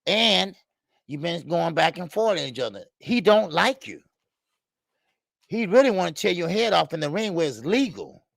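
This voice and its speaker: A man hosts a live-streamed boxing show in a high, gravelly voice that leaps up and down. He talks loosely and slangily with laughing asides, and the sound is close and dry with no room echo. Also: very animated, moderate pace, a bit bright. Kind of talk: live-streamed commentary and chat.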